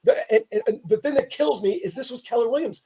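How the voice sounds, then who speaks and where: A Southern California man who works as a real estate attorney delivers impassioned, fired-up commentary, hammering his points emphatically and often breaking off to restart sentences. His voice is very high, fast, mellow and husky.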